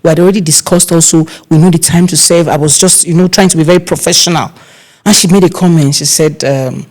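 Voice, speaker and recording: A middle-aged Nigerian woman, an event planner being interviewed, telling stories in a casual, animated way and acting out other people's voices. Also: quick pace. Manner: animated, acts out quoted voices with big pitch jumps.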